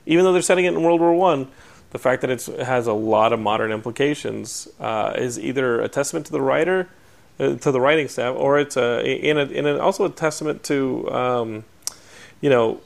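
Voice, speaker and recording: A man's voice: mid-range voice, fairly quick, gravelly. A man hosting a podcast in casual chat, upbeat and full of fillers and restarts. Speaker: podcast host.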